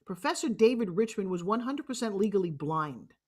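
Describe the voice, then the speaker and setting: A woman in her sixties with a New York accent, telling a personal story on stage in a lively, joking, blunt way. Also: mid-range voice, brisk, husky. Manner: animated, jokey and blunt, acting out other voices. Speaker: motivational speaker.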